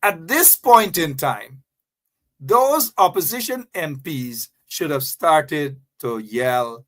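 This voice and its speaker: A man's voice: a little high, sing-song, slow pace, fairly bright tone. A man hosting political commentary, mocking in a sing-song, repetitive way.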